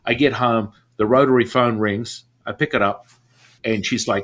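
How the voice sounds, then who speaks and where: A man being interviewed, telling a story in an animated way and acting out the voices of people he quotes. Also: medium pitch, normal speed. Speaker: podcast guest.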